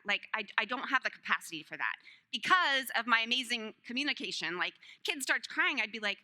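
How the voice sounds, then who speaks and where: A woman's voice: high voice, bright, forceful tone. A woman giving a sermon, telling personal stories in a joking, self-deprecating way and laughing often. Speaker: speaker at a church service.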